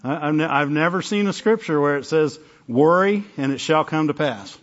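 Conversational preacher with a dull recording. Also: male voice, on the high side, normal speed. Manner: conversational, self-interrupting, acts out little dialogues. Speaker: pastor. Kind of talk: sermon.

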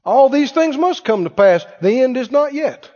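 A man's voice: very high voice, sing-song, normal speed, warm tone, in a large hall, lo-fi sound. A man preaching a sermon, emphatic and repetitive, often mimicking other people's voices. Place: church.

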